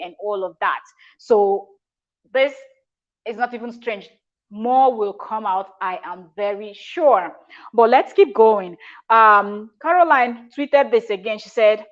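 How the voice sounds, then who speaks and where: A woman giving casual commentary, chatty and emphatic with laughing asides. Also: fairly high pitch. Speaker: commentator reading tweets. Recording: dull lo-fi recording.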